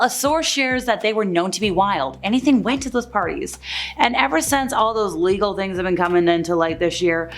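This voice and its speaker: A woman hosting an entertainment news video in a casual, conversational way, often paraphrasing people with "like". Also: medium pitch. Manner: chatty, conversational, paraphrases others with "like". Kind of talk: casual celebrity gossip commentary.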